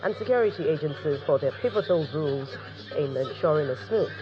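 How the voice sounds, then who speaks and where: A man with a Nigerian accent reading a scripted TV news report in a measured, formal way. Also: fairly high pitch, animated. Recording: dull broadcast audio with music bed.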